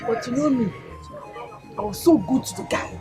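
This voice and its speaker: Nollywood drama: bubbly young Nigerian woman, high and animated, music under. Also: normal speed, rough recording. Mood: excited. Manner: excited, storytelling with quoted voices. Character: overjoyed young woman who just got a job.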